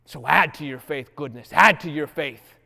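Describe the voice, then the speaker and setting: A man teaching the Bible in a fervent preaching style, falling to a hush and rising to loud exhortation, with casual dialect phrasing as he acts out quotes. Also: fairly high pitch, normal speed, vocal fry, in a large hall.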